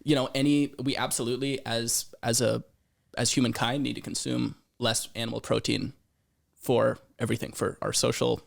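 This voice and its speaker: A man's voice: medium pitch, level tone, normal speed, creaky. A man who co-runs a fish shop, chatting earnestly on a podcast recorded in a home and repeating words as he builds his points. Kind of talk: casual podcast chat. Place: living room of a home.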